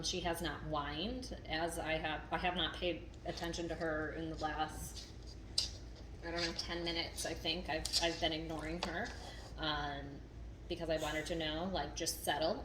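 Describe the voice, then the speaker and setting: A woman in a casual vlog, explaining how she trains her dog and cooing praise at it, recorded indoors at home. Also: low voice. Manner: chatty, self-deprecating, coos praise at a dog. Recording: echoey room with faint noise.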